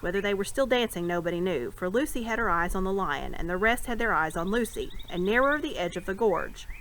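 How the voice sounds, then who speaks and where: A woman reading a novel aloud with expressive storytelling. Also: medium pitch, brisk, hardly any pauses, slight background noise, poor audio. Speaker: reader.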